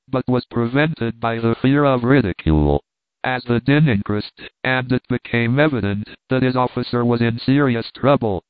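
A male narrator reads a classic sea story at a steady, measured pace. The recording is tinny and band-limited, like a phone line. It is also completely dry. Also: medium pitch, smooth, dry recording. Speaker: audiobook narrator. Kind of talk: scripted narration.

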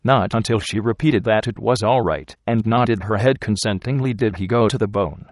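An audiobook narrator, a man with a fairly low voice, reads a novel in a measured, even storytelling style. The studio-quality recording has no echo.

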